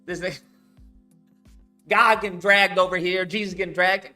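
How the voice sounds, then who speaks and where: A man's voice: high voice, fairly even intonation, moderate pace, long pauses, pushed and bright, soft background music. A man hosting a reaction commentary, talking bluntly and mockingly with lots of profanity. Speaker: commentary host reacting to a video.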